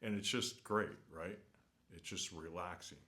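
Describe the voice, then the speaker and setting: A man with a very low voice rambles through an unscripted vlog rant. He talks casually from a hotel room, earnest and opinionated, and keeps circling back with fillers and half-started sentences. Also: measured pace, bright, forceful tone. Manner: rambling, many fillers and restarts. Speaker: travel vlogger.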